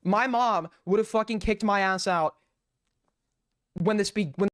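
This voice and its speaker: Profane streamer ranting into a dry mic. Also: male voice, sits high, a little slow, fairly bright tone, no room sound. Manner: profane, mocking, rants. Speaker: streamer host. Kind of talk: casual live-stream commentary.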